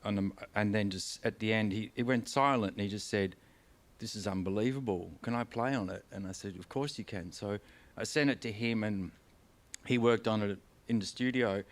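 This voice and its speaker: Man, middle-aged, from Australia, low voice, rambling live stage chat, restarts, casual swearing. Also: moderate pace. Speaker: musician and author guest. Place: packed club venue before an audience.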